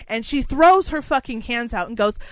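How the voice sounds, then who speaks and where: Swearing woman on a podcast mic, fired up, bit high voice, dry sound. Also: moderate pace, smooth, no room sound. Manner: profane, animated, gets loud and excited. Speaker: podcast co-host. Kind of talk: casual storytelling chat. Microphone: studio mic, close.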